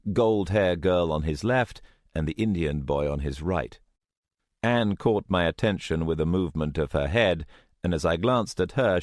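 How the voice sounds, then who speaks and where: A man narrating an audiobook in the first person, in a measured, tense manner. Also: sits low, no room sound, studio quality.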